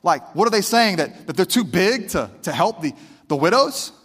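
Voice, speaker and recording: A man with a high, bright-edged voice, preaching with fervour and speaking straight to his congregation. His words carry a long, ringing hall reverb, as in a church sanctuary. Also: very animated, moderate pace, slightly rough. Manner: fervent, conversational, talks straight to the congregation. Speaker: pastor. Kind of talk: sermon.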